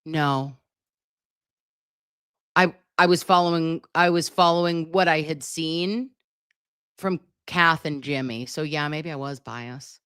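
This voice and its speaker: A woman hosting a casual live stream, reading chat comments aloud in an animated, chatty way and swearing freely. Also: deep voice, takes it slowly, long pauses, smooth, no echo, clean studio sound.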